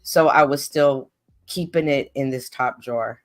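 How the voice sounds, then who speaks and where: Woman guest, earnest and animated storyteller, live stream chat. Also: rumbling low, unhurried, faint music behind. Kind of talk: casual conversation about faith.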